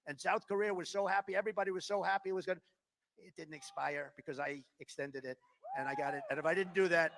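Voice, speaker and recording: Fast-talking older man giving a rally speech. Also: high voice. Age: 70s. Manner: boastful, rambling, swings between loud declarations and muttered asides. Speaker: politician at a rally.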